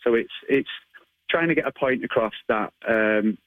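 A man's voice: medium pitch, moderate pace, dry recording, phone-quality sound. A man in his thirties with a Manchester accent, chatting in an interview with many ums and restarts and frequent laughs. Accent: Manchester English. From England. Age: 30s. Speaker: interview guest, martial arts instructor. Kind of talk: casual phone interview.

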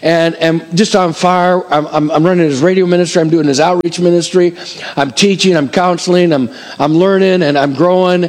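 A male pastor giving a conversational, emphatic sermon in a church, polling the congregation with quick repeated phrases like an auctioneer. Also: high-pitched, steady tone, a little mellow, low-quality recording. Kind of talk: expository sermon. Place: church sanctuary before a congregation.

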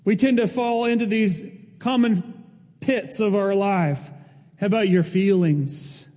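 A man's voice: sits high, unhurried, dark tone. A male pastor preaching a sermon in an earnest, emotional way, rising to emphatic peaks. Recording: long hall reverb.

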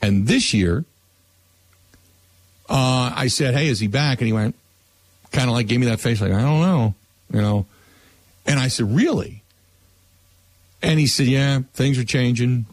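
A man's voice: mid-range voice, normal speed, pauses often, no room sound. A man hosting a sports talk radio show and taking calls, talking casually and repeating words as he starts his sentences.

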